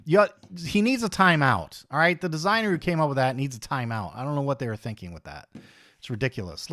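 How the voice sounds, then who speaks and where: A man's voice: fairly high pitch, fairly bright tone, dry recording, clean studio sound. A man hosting a casual livestream, chatty and blunt, joking and ranting while he reads viewer comments. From United States. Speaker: livestream host.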